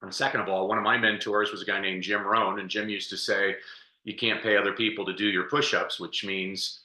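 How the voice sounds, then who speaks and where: Male coach guest, chatty storyteller, tense bright tone, echoey room sound. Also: on the low side, brisk. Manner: energetic, chatty storyteller who laughs often. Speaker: podcast guest, speaker and coach. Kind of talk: storytelling interview answer.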